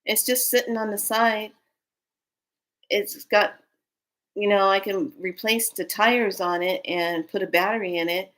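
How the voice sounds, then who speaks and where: A generous, easygoing man on a phone call, chatting warmly with an old friend, as a woman quotes him. He talks in an upbeat, friendly way. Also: sits high, steady tone, unhurried.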